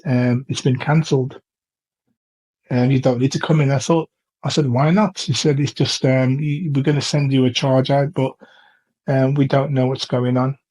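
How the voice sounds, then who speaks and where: A man's voice: mid-range voice, darkish tone, poor audio. A man from England telling of a court visit in a casual, earnest way, with many ums and restarts. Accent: English. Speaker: testimony speaker. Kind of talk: casual first-person account.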